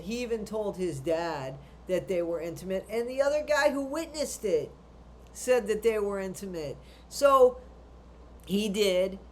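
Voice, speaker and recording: A woman with a strikingly high, slightly bright voice rants through true crime commentary. She's blunt, indignant, and swears freely.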